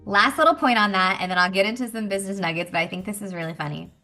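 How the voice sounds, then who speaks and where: A woman in her thirties telling a story to a group in a chatty, animated way, acting out what people said. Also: medium pitch, racing, faint music behind. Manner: animated, chatty, acts out quotes. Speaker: speaker at a women's business meeting. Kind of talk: casual storytelling talk to a group.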